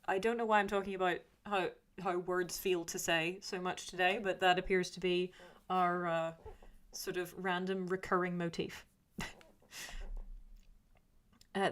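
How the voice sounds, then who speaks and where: Woman streamer, lowish voice, rambling and chatty, reading chat aloud, full of fillers. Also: fairly bright tone. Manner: reads viewer comments aloud and answers them. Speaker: YouTuber reading live chat. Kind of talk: casual livestream chat.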